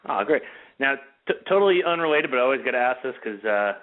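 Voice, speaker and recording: A man hosting a radio interview, asking questions haltingly with many fillers. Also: mid-range voice, expressive. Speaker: radio show host. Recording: narrow phone-like radio sound.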